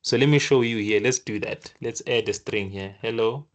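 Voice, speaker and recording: This is a casual coding tutorial from a man sharing his screen. He thinks aloud with frequent stop-and-restart phrasing, uses a mid-range voice, and briefly acts out the computer scolding him.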